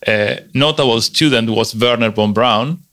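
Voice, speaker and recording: A man's voice: mid-range voice, normal speed, a bit bright. A man co-hosting a podcast in casual chat, thinking aloud with many restarts. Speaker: podcast co-host.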